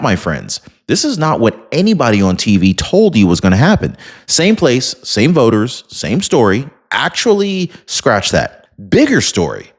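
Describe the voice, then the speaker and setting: A man hosting a casual political commentary, talking straight to his viewers in an animated, sarcastic way. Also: mid-range voice.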